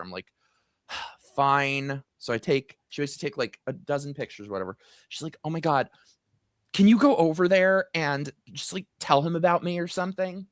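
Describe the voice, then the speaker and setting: A man's voice: normal speed, no room sound, studio quality. A middle-aged man hosting a live stream, telling a long anecdote in a chatty, gossipy way. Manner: chatty, storytelling, swings high in pitch when excited. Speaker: host. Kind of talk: casual live-stream chat.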